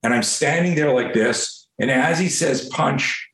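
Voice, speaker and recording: A man's voice: mid-range voice, normal speed. A man telling a story from his youth in a casual interview, swearing freely and acting out what people said. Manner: profane, animated storyteller acting out quotes. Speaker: guest. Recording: roomy echo.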